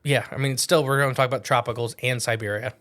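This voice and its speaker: A man's voice: medium pitch, fairly even intonation, fast talker, fairly bright tone. A man co-hosting a casual podcast, talking in a rambling, jokey way and often correcting himself mid-sentence. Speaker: podcast co-host.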